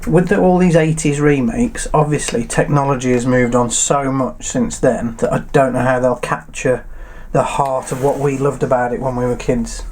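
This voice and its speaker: A man's voice: mid-range voice, fairly even intonation, moderate pace, darkish tone, a little hiss or hum. A man co-hosting a casual entertainment chat show, reading out film facts with frequent ums. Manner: chatty, reads facts with filler ums. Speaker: co-host.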